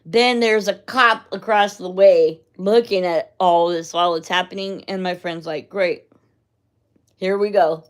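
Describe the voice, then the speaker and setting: A woman's voice: on the low side, fairly even intonation, moderate pace, few pauses, smooth. A middle-aged woman in casual chat, rambling from one story to the next and laughing often. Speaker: vlogger.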